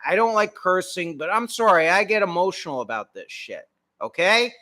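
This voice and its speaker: A man's voice: high-pitched, animated, normal speed, sharp tone. A man hosting a political commentary show, delivering an indignant, profanity-laced rant. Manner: indignant, swearing, emphatic.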